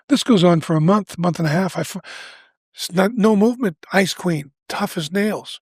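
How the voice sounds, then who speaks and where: An older man in his seventies with a gravelly, husky voice that sits a bit high for a man. He tells a personal story earnestly on a podcast, often restarting his sentences and acting out what people said. The sound is close and dry. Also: normal speed, darkish tone, no room sound. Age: 70s. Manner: earnest, restarts often, acts out quoted lines. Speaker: guest. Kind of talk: candid storytelling in a podcast interview.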